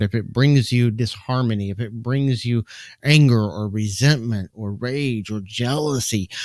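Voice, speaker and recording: A man talks in a calm, earnest way about finding inner peace, keeping a steady, measured flow as he hosts a live stream from home. His voice sits in a middle register. It comes across dry and close, with almost no room sound. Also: mid-range voice, dry recording. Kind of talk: reflective spiritual talk. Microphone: desk microphone.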